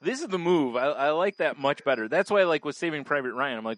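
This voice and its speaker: A man's voice: a little high, animated, fast, a bit bright, dry recording. A man co-hosting a casual podcast, rambling and trailing off, laughing often as he talks. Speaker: podcast co-host.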